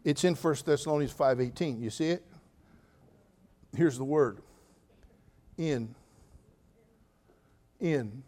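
An older man preaching a sermon as pastor, telling funny stories with sudden loud outbursts, then speaking more quietly and earnestly. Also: mid-range voice, slow, pauses often. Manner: humorous, animated storytelling with sudden loud outbursts. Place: church.

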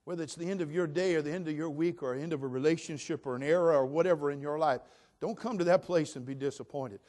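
A man in his sixties from California preaching a sermon, swinging between loud, emphatic build-ups and soft, low asides. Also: fast.

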